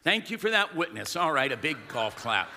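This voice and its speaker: A man preaching a sermon as a pastor, animated and calling out to the congregation for responses. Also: a little high, normal speed, slight background noise. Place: church sanctuary. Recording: long hall reverb.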